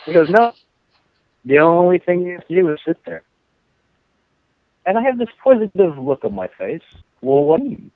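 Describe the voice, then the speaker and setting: A man's voice: sits high, sing-song, normal speed, pauses often, dry recording. Profane man telling a story. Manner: rambling, profane, laughs at his own story. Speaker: podcast co-host. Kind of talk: casual storytelling. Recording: dry, phone-like narrow sound.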